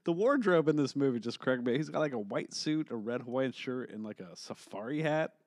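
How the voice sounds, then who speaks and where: A man's voice: mid-range voice, animated, fairly quick, no echo. A man co-hosting a casual movie review podcast, rambling and swearing freely, laughing as he talks. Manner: rambling, profane, laughs often. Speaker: podcast co-host.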